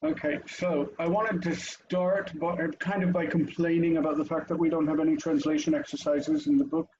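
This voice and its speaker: A man's voice: on the high side, steady tone, normal speed, dull audio, a crowd in the background. A man teaching an online language lesson over a video call, chatty and explanatory, with frequent ums and asides.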